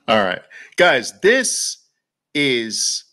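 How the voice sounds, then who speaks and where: A man's voice: mid-range voice, fairly bright tone. A man giving a persuasive masterclass talk as a trading educator, emphatic, with repeated punchy lines and rhetorical questions. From Brooklyn, New York.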